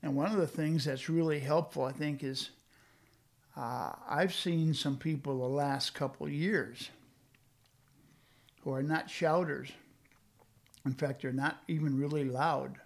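A man's voice: fairly high pitch, fairly even intonation, unhurried, creaky, long pauses. An older man speaking reflectively in a conversational discussion, with frequent fillers and restarts. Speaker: guest speaking on leadership.

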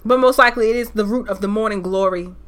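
Talking fast at a medium pitch, this podcast host delivers an impassioned solo rant, her anger rising as she preaches. At moments she turns loud and fiery.

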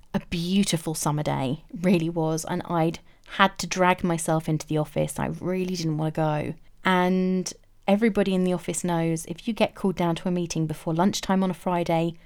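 A woman's voice: lowish voice, a little mellow. A woman frankly telling a personal story in a reflective, matter-of-fact way. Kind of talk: candid first-person storytelling.

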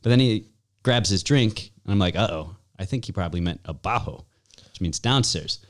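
A laid-back man with a fairly low voice, telling a story in easy conversation. He talks as the one who runs the venue. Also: expressive, normal speed. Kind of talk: casual chat.

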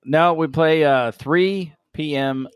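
A man hosting a casual sports podcast, easygoing and quick to laugh as he steers the talk. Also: a little high, clean tone, no echo. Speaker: podcast host.

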